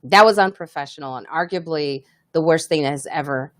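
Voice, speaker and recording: A woman's voice: low voice, brisk, no room sound, studio quality. A woman comedian hosting a casual live podcast, talking candidly and reading viewer comments aloud.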